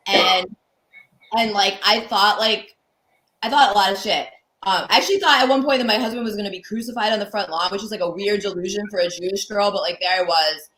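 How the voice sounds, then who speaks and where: A young woman from Connecticut with a bright, forward voice tells candid stories in an interview. She fills her talk with "like" and acts out quoted lines. The sound has a roomy echo. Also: medium pitch. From Connecticut, USA. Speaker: guest comedian.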